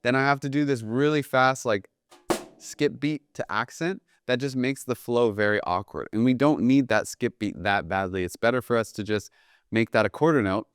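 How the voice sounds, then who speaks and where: Smooth-voiced male drum teacher, dry sound. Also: medium pitch, no room sound. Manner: explains in a relaxed, conversational way, often checking in with "right?"; counts beats aloud slowly while demonstrating. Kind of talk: instructional video lesson.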